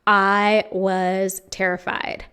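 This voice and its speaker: Young adult woman, podcast host, smooth clear voice, candid and emotional, talks with fillers. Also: mid-range voice, flat delivery, drawn-out words, pushed and bright. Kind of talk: reflective solo podcast monologue.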